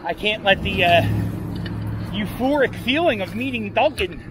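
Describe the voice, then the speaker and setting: A man talks in a high voice that swings widely up and down. He rambles excitedly to himself while riding a bike down a city street. Traffic and street noise are clearly heard around him. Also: unhurried. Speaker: vlogger. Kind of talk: casual vlog monologue while cycling.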